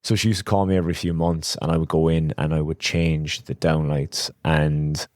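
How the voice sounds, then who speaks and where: A man's voice: very deep voice, little pitch movement, moderate pace, darkish tone, no room sound, studio quality. A man hosting a podcast and telling a rambling, frank story in casual talk, swearing now and then. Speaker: podcast host, electrician.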